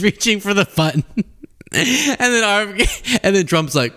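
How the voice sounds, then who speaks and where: A man's voice: a little high, very animated, normal speed, fairly bright tone. A man hosting a political commentary podcast, talking casually, laughing often and mocking playfully.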